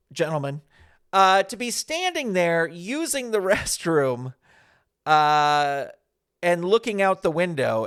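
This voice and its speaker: A man hosting a podcast, telling a casual anecdote in an animated way and acting out the other people in it. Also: high-pitched, clean tone. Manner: animated, acts out the voices of others in his anecdotes. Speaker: podcast host. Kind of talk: casual storytelling.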